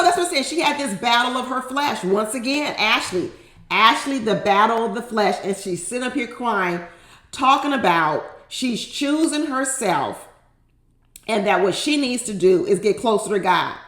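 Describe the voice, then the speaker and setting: Lively woman host in her middle years, somewhat high voice, talks to viewers with frequent laughs, echoey room. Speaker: YouTube reality TV recap host. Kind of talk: casual chat.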